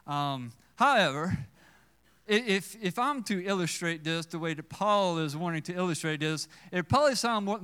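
A man's voice: high voice, pushed and bright, clean tone. A man preaching a sermon as a pastor, earnest, often repeating words and asking the congregation questions. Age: adult with children.

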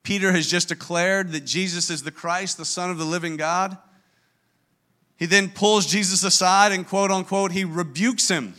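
A man's voice: high voice, steady tone, moderate pace, pushed and bright. A man preaching a sermon as pastor, emphatic and earnest, often restarting his words.

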